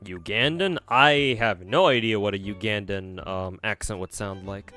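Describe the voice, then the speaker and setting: Guy streaming, kinda low voice, rambles with ums and restarts, faint music behind. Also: normal speed, pushed and bright. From United States. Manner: rambling, many fillers and restarts. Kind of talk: casual chat answering viewers.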